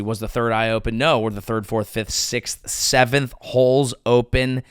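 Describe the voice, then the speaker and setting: A man's voice: mid-range voice, steady tone, normal speed, hardly any pauses, clean tone, no echo, clean studio sound. A man hosting a comedy podcast, riffing crudely and jumping into silly impressions.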